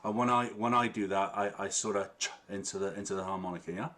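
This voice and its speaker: A man teaching harmonica in an online workshop, chatty and relaxed, checking in with the class with a frequent "yeah?" as he explains. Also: lowish voice, fast. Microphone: online stream with latency. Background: guitar playing.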